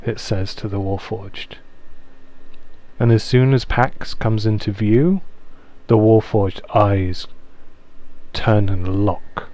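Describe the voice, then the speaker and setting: A man narrating a tabletop game as its game master in a slow, theatrical way. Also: fairly low pitch, darkish tone, no room sound.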